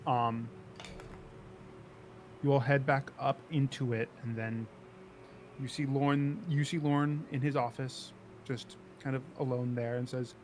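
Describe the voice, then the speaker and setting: A man's voice: medium pitch, level tone, a little slow, long pauses, a little hiss or hum. A man narrating as game master in a loose, easygoing way full of fillers.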